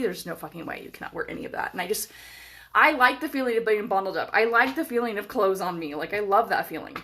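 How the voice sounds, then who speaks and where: A woman in her thirties chatting on a live stream from a hotel room, excitable and swearing freely, with lots of fillers. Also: mid-range voice, brisk, slight background noise. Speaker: vlogger. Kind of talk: casual live-stream chat.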